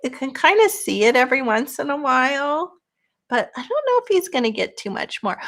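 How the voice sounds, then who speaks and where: A craft channel host chats casually with her viewers, her voice swinging widely in pitch at a fairly quick clip with a fairly bright tone. Between crafting remarks she coos at her cat, slipping into high baby talk.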